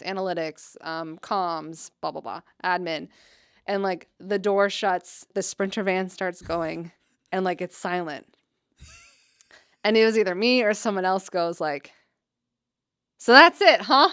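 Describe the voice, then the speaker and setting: A woman's voice: lowish voice, clean tone, dry recording. Chatty woman guest, dry close sound. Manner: chatty, heavy use of "like", animated retelling. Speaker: athletic trainer, podcast guest. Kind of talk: casual storytelling interview.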